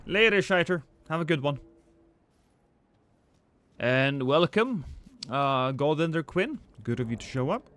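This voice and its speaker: A man's voice: fairly high pitch, animated, measured pace, long pauses, fairly bright tone. A man streaming a game live, chatting with viewers in a rambling, joking, self-deprecating way.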